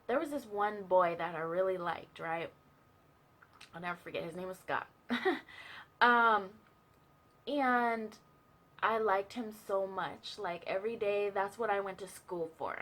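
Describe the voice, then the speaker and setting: A woman's voice: medium pitch, a bit bright. A young woman telling a personal story in a chatty, casual way, full of fillers and asides. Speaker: vlogger sharing a testimony.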